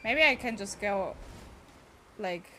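A woman's voice: mid-range voice, expressive, takes it slowly, sharp tone, a little hiss or hum. A young woman, chatting and exclaiming as she streams a game. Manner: chatty, exclaiming, talks to chat. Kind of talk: casual gameplay commentary.

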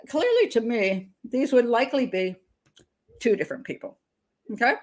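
A frank older woman hosts her channel with a slightly high voice. She talks in a loose, opinionated flow, with restarts and short laughs between her points. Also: very animated, normal speed. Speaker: criminal profiler, channel host. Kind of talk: casual commentary monologue.

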